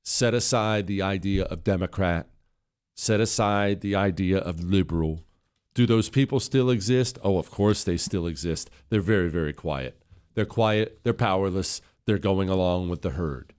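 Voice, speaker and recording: A man's voice: low voice, moderate pace, a little mellow, smooth. A man hosting a radio talk show, delivering political commentary in an emphatic style that builds in intensity, recorded on a studio microphone.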